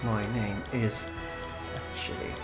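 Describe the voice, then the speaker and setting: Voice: mid-range voice, flat delivery, takes it slowly, reverberant, loud music behind the voice. A game streamer chatting casually on a live stream, giggly and greeting viewers by name.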